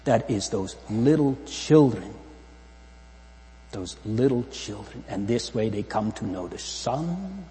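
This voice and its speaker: A man delivering a slow, fervent sermon in a large church. His voice is mellow and dark, and it swings widely in pitch as he asks question after question. Long hall reverb and a low mains hum hang behind every phrase. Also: animated. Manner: fervent, repetitive, rhetorical questions. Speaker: preacher.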